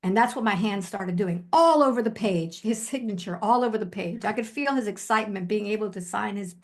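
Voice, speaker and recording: A woman's voice: medium pitch, a little fast, a little hiss or hum. Older woman telling a personal story. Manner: animated, quotes herself, many fillers. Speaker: hypnotherapist guest.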